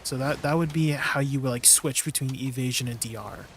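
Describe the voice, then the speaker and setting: A man's voice: medium pitch, brisk, a little hiss or hum. Laid-back man chatting on a game stream. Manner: laid-back, chatty, greets viewers and answers chat. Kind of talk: casual live-stream chat.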